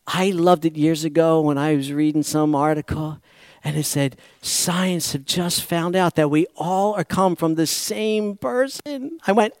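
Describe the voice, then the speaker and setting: A man preaching a sermon to a congregation, moving between hushed, slow passages and fervent, rising exhortation, with folksy asides to his listeners. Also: fairly high pitch, clear, resonant tone, no room sound. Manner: shifts from hushed intimacy to impassioned, rising exhortation. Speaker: pastor. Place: church sanctuary.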